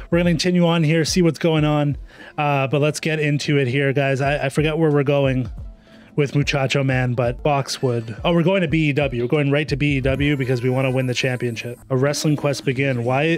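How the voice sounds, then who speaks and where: A man hosting a casual let's-play, joking around and reacting excitedly to the game. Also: mid-range voice. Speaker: gaming YouTuber host. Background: faint game music.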